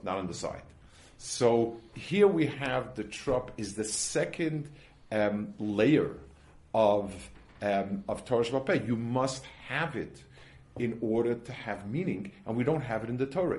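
A man gives a Torah lesson in a mid-pitched voice, working through his points slowly with plain examples. He often stops and restarts his sentences as he thinks aloud. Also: a little mellow. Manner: halting, with frequent restarts and worked examples. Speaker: Torah teacher. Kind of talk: explanatory religious lecture.

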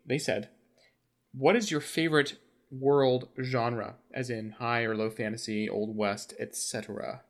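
Male co-host, mid-pitched, dry and teasing, reads out listener mail. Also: fairly even intonation, measured pace. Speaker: podcast co-host reading listener questions. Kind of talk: casual chat about tabletop games.

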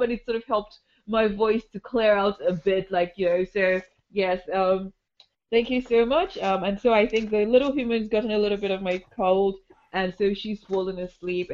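A woman hosting a podcast in casual chat, slightly hoarse from a cold, chatty, with many ums and easy laughter. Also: medium pitch, a little mellow, dull audio. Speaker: podcast host.

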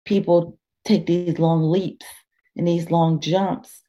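A woman life coach speaking as a guest in a conversational interview, animated and preacherly, often acting out inner dialogue. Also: fairly low pitch, slow, dull audio.

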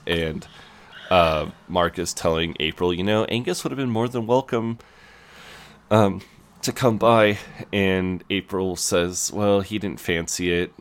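Deep-voiced man on a casual podcast. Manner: dry, joking, retells scenes in quoted voices. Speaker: podcast co-host. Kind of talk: casual chat recapping a TV episode.

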